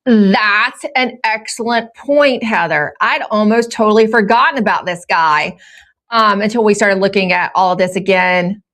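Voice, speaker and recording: Female interview host, measured and appreciative, mid pitch. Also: a bit bright. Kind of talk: interview talk.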